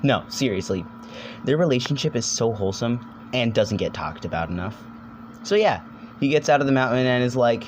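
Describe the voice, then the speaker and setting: With a medium-pitched voice and lively intonation, a young man jokes and rambles through a casual comedic video essay. Now and then he swears or does a quick silly voice. A little hiss or hum can be heard.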